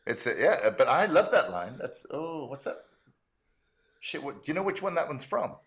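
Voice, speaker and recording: Man, guest voice actor, casual podcast chat, animated storyteller, very lively pitch. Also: normal speed. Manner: animated storyteller, acting out quotes.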